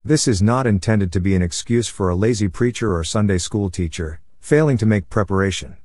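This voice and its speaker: Man, lower voice, Bible study reading, measured and even, no room sound. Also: no echo, studio quality. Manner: steady, measured reading with no fillers. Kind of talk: reading Bible commentary aloud.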